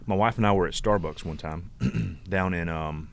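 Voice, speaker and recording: Deep southern guy in his 40s cracking jokes on a podcast, pokes fun at himself. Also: moderate pace, creaky, slight background noise. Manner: joking, self-deprecating storyteller. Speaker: podcast co-host. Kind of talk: casual chat.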